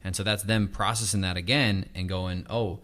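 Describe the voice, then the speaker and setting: A man's voice: low voice, little pitch movement, moderate pace, a bit bright. A man in his thirties hosting a casual conversation, reflecting aloud and leaning on "like" as he goes. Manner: reflective, thinks aloud with many "like" fillers. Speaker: podcast host and stay-at-home dad.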